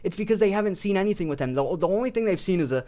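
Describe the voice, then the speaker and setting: A man's voice: high-pitched, rapid-fire. A young man ranting casually about his favorite fighters, swearing constantly and rambling. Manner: profane, rambling, excitable. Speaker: video creator.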